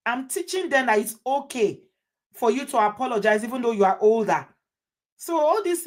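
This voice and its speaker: A woman's voice: a little high, lively intonation, normal speed. A woman hosting, giving advice to viewers in an emphatic way and repeating her points. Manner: emphatic, repeats phrases for effect. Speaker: host.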